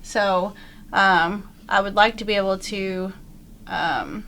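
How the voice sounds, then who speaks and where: A woman of middle pitch talks candidly as an interview guest. Her manner is blunt and unfiltered, with easy laughter breaking in between thoughts. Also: takes it slowly, pushed and bright, a little hiss or hum. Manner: blunt, frank, laughs easily. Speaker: podcast guest.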